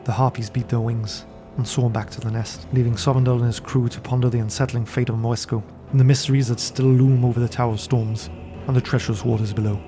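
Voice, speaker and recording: A man narrating a fantasy tabletop game as game master and podcast host, telling the story in a measured way from a studio. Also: medium pitch, level tone, music in the background. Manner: measured storytelling, then chatty sign-off.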